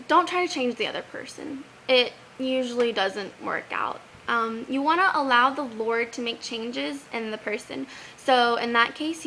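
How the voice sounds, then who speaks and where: A young woman giving earnest advice in a casual vlog, animated and sincere, quoting scripture now and then. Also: a little high, a little hiss or hum, poor audio. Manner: earnest, animated, quotes Bible verses.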